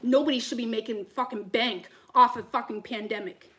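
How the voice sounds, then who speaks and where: A woman's voice: fairly high pitch, brisk. A woman, a tarot reader, ranting to camera in a heated, profane, rambling way between readings.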